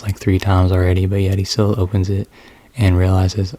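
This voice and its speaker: A man giving a deadpan, mocking recap of a video game's opening story. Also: low voice, normal speed, dry recording. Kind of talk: comedic sarcastic story summary.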